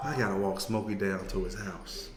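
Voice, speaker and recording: A man voicing a stern old man who lectures a young man in a deep, slow, gruff voice, recorded in an echoey room with background noise. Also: level tone, natural voice.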